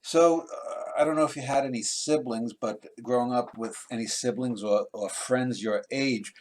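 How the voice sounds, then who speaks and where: A man's voice: medium pitch, fairly even intonation, moderate pace. Hesitant male interviewer on a video call. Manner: long, meandering questions with many hesitations. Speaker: interviewer, host. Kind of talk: interview questions.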